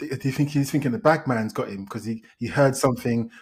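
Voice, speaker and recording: A man retelling a film plot in casual podcast chat, animated and exasperated, with frequent restarts. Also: medium pitch, fast talker, slightly rough. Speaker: podcast host, film reviewer.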